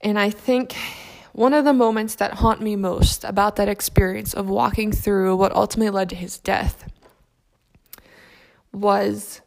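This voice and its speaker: A young adult woman telling a personal story about grief in a soft, reflective, halting way. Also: medium pitch, fairly even intonation, vocal fry.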